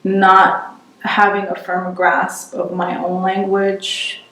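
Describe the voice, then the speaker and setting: A middle-aged woman giving an oral history interview, reflective and halting, often restarting her sentences. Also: mid-range voice, completely flat delivery, bright, forceful tone. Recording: roomy, distant mic.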